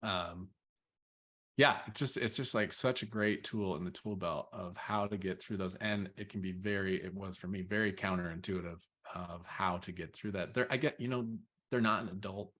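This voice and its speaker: A man in his thirties, a father telling a parenting story in casual chat, rambling and relaxed with lots of fillers. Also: low voice, normal speed.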